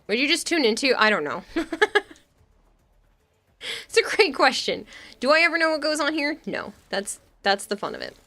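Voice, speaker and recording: Woman, game streamer, bright clear tone, casual rambling chat, frequent laughs. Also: high-pitched, big pitch swings, moderate pace, long pauses. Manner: chatty, rambling, laughs often while reading chat.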